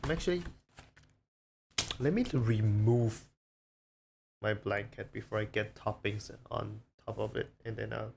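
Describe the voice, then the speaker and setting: A man's voice: fairly low pitch, unhurried, vocal fry, pauses often, darkish tone, a little hiss or hum. A man streaming casually, rambling and self-conscious as he shows off the different voices he talks in. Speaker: VTuber streamer.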